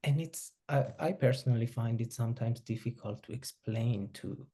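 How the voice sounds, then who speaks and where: Hesitant male interviewer, husky and dark. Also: mid-range voice, moderate pace. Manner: hesitant, searching for words. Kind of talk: interview questions over video call. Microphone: video call.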